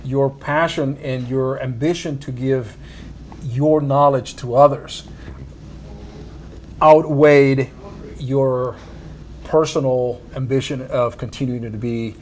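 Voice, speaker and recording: A man's voice: medium pitch, fairly even intonation, slow pace, long pauses, a little mellow. Man, Spanish-accented English, interview host, enthusiastic, repeats praise, light background noise. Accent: Latino Spanish. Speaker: podcast host. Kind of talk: casual interview chat.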